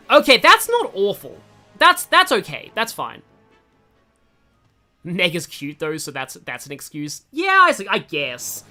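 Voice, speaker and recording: A young adult gaming streamer rambles casually through gameplay commentary, chatty and frequently cutting himself off mid-sentence. The voice is medium-pitched with a sharp tone.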